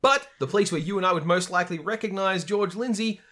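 A man's voice: high-pitched, a little fast, bright, forceful tone. A man co-hosting a podcast, chatting casually and piling on trivia about voice actors while laughing easily. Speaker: podcast co-host. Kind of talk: casual chat.

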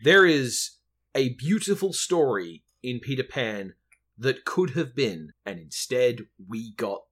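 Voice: medium pitch, expressive, takes it slowly, fairly bright tone. A podcast co-host in a casual movie review chat, hesitant with many fillers and restarts, making dry remarks.

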